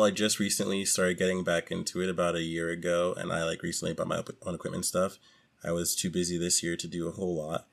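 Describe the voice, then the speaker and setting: A man's voice: low voice, gravelly. A man co-hosting a casual podcast chat, joking with blunt, slangy humor. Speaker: podcast co-host.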